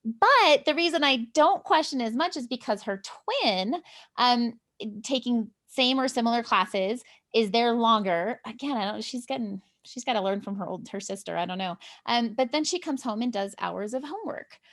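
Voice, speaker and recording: A woman's voice: a little high, expressive, moderate pace, fairly bright tone. A woman in her forties, a homeschooling mother, hosting a casual panel chat in a chatty, confessional way and thinking aloud. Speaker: homeschool mom and discussion host.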